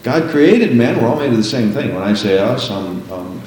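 An older man preaching a sermon, breaking into drawn-out, half-sung prayers and praises between his teaching. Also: medium pitch, animated, darkish tone, heavy reverb, slight background noise, poor audio.

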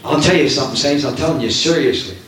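A man's voice: medium pitch, fast, a bit bright, far from the mic. A man preaching fervently from a church platform, hammering points home through repetition. He sounds set back from the mic, and the church hall around him rings with heavy echo over a faint hiss. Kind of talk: Pentecostal sermon.

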